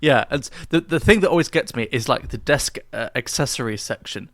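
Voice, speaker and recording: A man's voice: medium pitch, lively intonation, no room sound. Rambling man, dry close mic. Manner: rambling, halting with many restarts. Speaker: podcast co-host. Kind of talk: casual chat.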